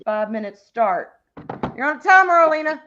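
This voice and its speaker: A woman co-hosting a livestream in casual chat, blunt and animated, swearing freely. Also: high-pitched, moderate pace, lo-fi sound, a little hiss or hum. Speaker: livestream co-host.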